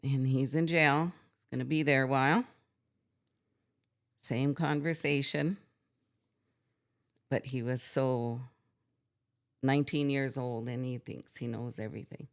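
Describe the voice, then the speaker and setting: A woman's voice: very deep voice, fairly even intonation, unhurried, pauses often. An older woman who is a podcast guest, telling family stories in a frank, earnest way. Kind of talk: candid conversational storytelling.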